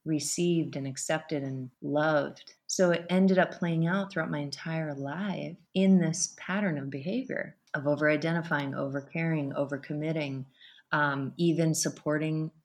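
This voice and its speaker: Guest, female, low voice, heartfelt storyteller who laughs easily. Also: unhurried. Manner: emotional, animated storytelling with laughs. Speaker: podcast guest. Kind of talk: personal storytelling interview.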